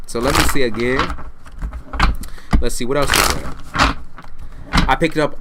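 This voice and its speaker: A man's voice: medium pitch, animated, normal speed, long pauses, heavy background noise. A man reads tarot to camera in an ordinary mid-range voice. He is blunt and curses freely. He speaks straight to the listener and hammers his points home by repeating them. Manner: blunt, profane, repeats for emphasis; addresses the listener directly. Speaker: tarot reader.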